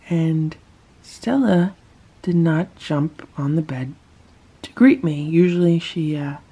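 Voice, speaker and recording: A woman's voice: sits low, warm tone, husky. A woman narrating a casual home vlog, chatting about her cats and talking to them as she films. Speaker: cat rescuer vlogger.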